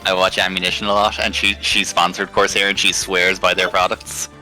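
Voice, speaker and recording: A man's voice: low-pitched, level tone, a little fast, over music, poor audio. A man on a headset mic, chatting casually and recapping a game at length on a stream. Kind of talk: casual gaming chat.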